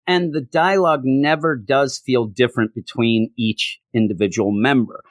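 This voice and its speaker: A man's voice: medium pitch, fairly even intonation, normal speed, dry recording, studio quality. A man casually reviewing a comic book, sarcastic, reading out lines in mocking voices.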